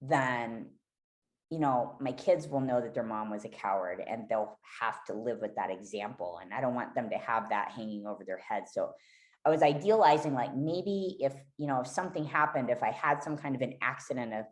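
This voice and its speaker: A woman's voice: very deep voice, animated, normal speed. A woman guest on a podcast, candidly telling a raw, emotional personal story and swearing freely.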